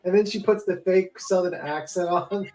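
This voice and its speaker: A man's voice: sits high, fairly even intonation, normal speed, darkish tone, rough recording. A man joking and mocking in a casual live panel chat, laughing often.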